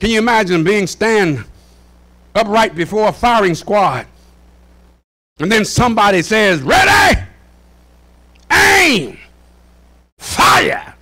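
A man preaching a fervent sermon in a church, often shouting and repeating "watch this" to rally the congregation. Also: high-pitched. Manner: shouting, repeats "watch this", folksy call-and-response. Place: church sanctuary.

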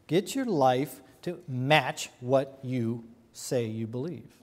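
A man's voice: mid-range voice, slow pace, in a large hall. A man preaching a sermon as a pastor, emphatic and full of rhetorical questions and repeated phrases.

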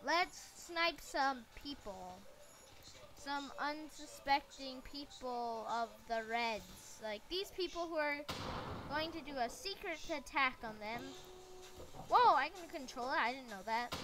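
A woman's voice: sits high, a bit bright. A woman giving playful, goofy commentary while playing a shooting game, shrieking at the action and muttering to herself in between. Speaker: gameplay commentator.

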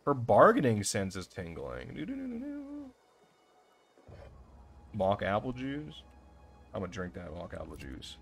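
Excitable swearing young gamer man. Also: sits low, moderate pace, creaky, soft background music. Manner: excitable, swears a lot, talks to himself. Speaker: let's play gamer. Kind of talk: casual gameplay commentary.

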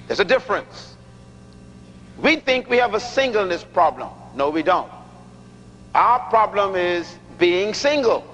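A middle-aged male preacher giving an emphatic, teasing sermon, repeating key lines slowly for effect, in a large church hall. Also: high voice, sing-song, fairly bright tone, a little hiss or hum. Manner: humorous, teasing the audience. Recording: dull lo-fi recording with long hall reverb.

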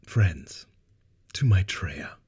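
Brief: man voicing a white-haired sci-fi genius, smooth and commanding, audiobook. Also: low-pitched, lively intonation, extremely slow, a little mellow, full character voice. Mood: grave. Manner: buttery, grave, regal. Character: older regal male scientist, commanding.

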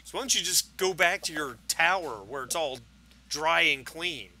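A man's voice: on the high side, normal speed, sharp tone, a little hiss or hum, voice pushed up. A man voicing a burly, hostile drunk male tenant who slurs his words. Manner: slurred, belligerent.

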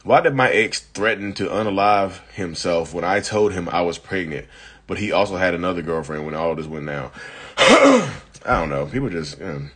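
Low husky-voiced man hosting live chat. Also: big pitch swings, normal speed, a bit bright. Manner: blunt, chatty, addresses viewers as y'all. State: getting over illness, coughing. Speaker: live-stream host. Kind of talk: casual live chat reading viewer comments.

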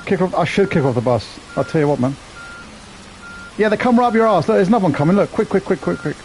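A man chats and swears his way through a live game stream, cracking jokes to his viewers. His voice sits a bit high but has a mellow, dark tone. Faint engine hum plays underneath. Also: expressive, fast. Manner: sweary, jokey banter with chat. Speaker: gaming streamer. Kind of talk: live gameplay commentary.

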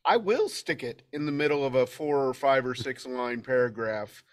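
A man who works as an editor, speaking on a writing panel in a relaxed, chatty way with a few restarts. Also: mid-range voice, normal speed. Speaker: editor and writer. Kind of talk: conversational panel talk.

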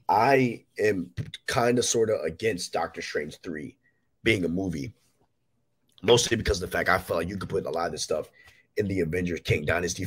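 A man hosting a casual commentary show, sick and having lost his voice, speaking in a forced deep voice and rambling through his opinions. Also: breathy edge, low-quality recording. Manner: rambling, opinionated, self-correcting. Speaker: host.

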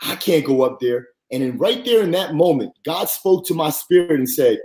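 Male guest, higher voice, earnest faith testimony, lively and heartfelt. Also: moderate pace, hardly any pauses. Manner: earnest, animated, rises high when quoting. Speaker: podcast guest. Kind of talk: faith-centered personal testimony.

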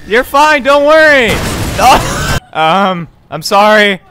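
A man doing let's play commentary, giggly and excitable, swearing often and cooing at a pet. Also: sits high, takes it slowly, background noise. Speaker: gaming YouTuber.

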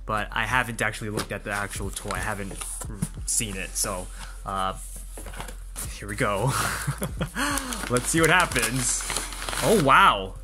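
A man casually talking through a toy unboxing, excitable and gushing, often laughing and exclaiming. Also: fairly low pitch, a little slow, pauses often, background noise.

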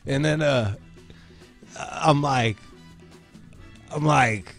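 A man's voice: mid-range voice, drawn-out words, gravelly, soft background music. Profane rambling man telling a story. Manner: profane, rambling, animated retelling. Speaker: show host. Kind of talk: casual storytelling.

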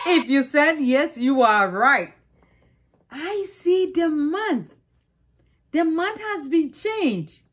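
A woman teaching a preschool circle-time lesson, coaxing children to repeat after her with slow, exaggerated letter sounds. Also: fairly high pitch, a bit bright.

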